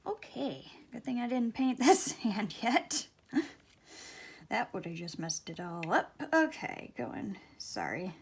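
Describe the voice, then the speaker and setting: Soft-spoken woman with a gravelly voice. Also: a little high, big pitch swings. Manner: slow, soft-spoken, drops to near-whispers. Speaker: beauty vlogger. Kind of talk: casual nail tutorial. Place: home, at a table.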